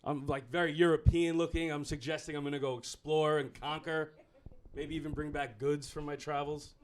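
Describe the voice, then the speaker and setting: A man's voice: fairly high pitch, little pitch movement, normal speed, a little hiss or hum. A man doing a stand-up comedy set, rambling, profane and self-mocking.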